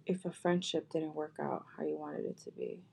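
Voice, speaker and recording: A woman speaking gently and directly to her viewers, repeating heartfelt apologies and words of comfort. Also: sits low, wildly swooping pitch, normal speed, vocal fry, a little hiss or hum. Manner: gentle, soft-spoken, repetitive, with frequent restarts. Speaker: vlogger.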